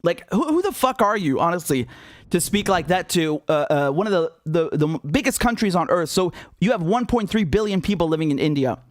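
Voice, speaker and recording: A young man hosting a live political commentary stream, animated and scornful, laughing often and restarting his sentences. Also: high-pitched, a little fast, dry recording, clean studio sound.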